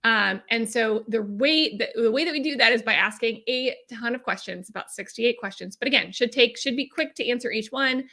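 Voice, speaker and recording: A bright, fairly high-voiced woman hosts a casual live stream, upbeat and chatty as she greets her viewers. Her voice is a little hoarse, with some throat clearing between phrases. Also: moderate pace, hardly any pauses. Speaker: host, accountant and profit strategist.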